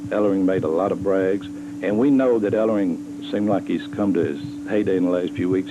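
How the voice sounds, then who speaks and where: Sex: man. Role: wrestler. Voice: very deep, measured. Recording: clear tape hiss. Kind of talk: TV interview.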